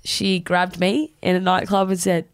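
A young Australian woman co-hosting a podcast, chatting casually and telling an animated story, acting out the voices she quotes. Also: lowish voice, a little slow, no echo, studio quality. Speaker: podcast co-host. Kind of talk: casual chat. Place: podcast studio.

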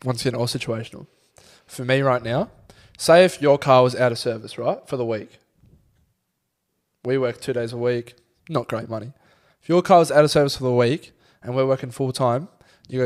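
A man's voice: medium pitch, normal speed, pauses often. Young guy co-host, crude, chatty storyteller, swears a lot. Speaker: podcast co-host. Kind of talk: casual chat.

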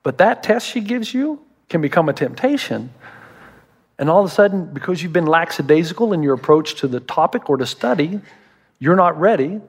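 Middle-aged male pastor, high voice, animated sermon delivery with playful asides. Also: a little fast, slightly rough. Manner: animated and humorous, acting out quoted voices.

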